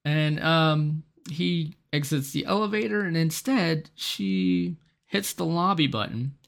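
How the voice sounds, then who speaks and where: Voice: medium pitch, takes it slowly, gravelly. A podcast co-host casually recapping a TV episode, laughing often and swearing freely.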